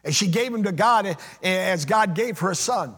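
A man preaching from the pulpit in a high, breathy-edged voice. He leans on repeated phrases and lifts into a sing-song preaching cadence, and his words ring with the long reverb of a large hall. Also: expressive, moderate pace, a bit bright. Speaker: pastor. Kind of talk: sermon.

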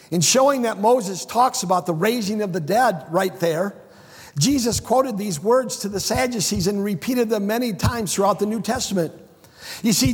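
Male preacher, husky, high voice, emphatic sermon delivery in a hall with long echo. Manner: emphatic, swings between hushed and shouted; repeats phrases for stress. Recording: echoey hall with long reverb.

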